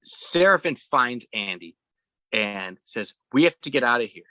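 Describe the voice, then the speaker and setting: A man with a bright, forceful voice chats through a movie recap on a podcast, rambling and restarting as he goes. The sound is close and dry, with no room tone. He acts out bits of dialogue while he retells the plot. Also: medium pitch, animated, measured pace, no room sound, low-quality recording. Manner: rambling retelling with acted-out quotes, frequent restarts. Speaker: podcast co-host. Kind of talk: casual movie recap chat.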